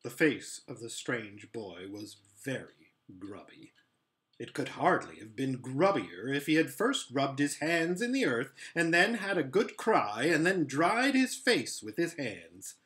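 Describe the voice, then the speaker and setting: A man narrating a children's novel aloud in an expressive, measured storytelling manner. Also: mid-range voice. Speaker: audiobook reader.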